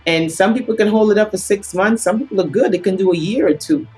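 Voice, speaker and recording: A woman's voice: mid-range voice, fast talker, warm tone, faint music behind, poor audio. A woman in her thirties from the islands, co-hosting a casual relationship advice chat in an earnest, emphatic way that repeats key phrases. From the Caribbean islands.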